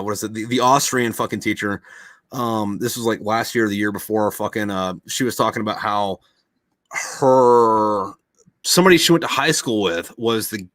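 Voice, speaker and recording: A man's voice: fairly low pitch, fairly bright tone, no echo. Rambling, foul-mouthed man. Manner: rambling, swears constantly, lots of fillers. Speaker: podcast host. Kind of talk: casual chat.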